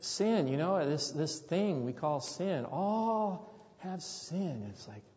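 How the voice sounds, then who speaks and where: A man's voice: on the high side, expressive, slow, darkish tone. A man preaching a sermon, telling a story earnestly and often repeating his words. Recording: dull sound with long hall reverb.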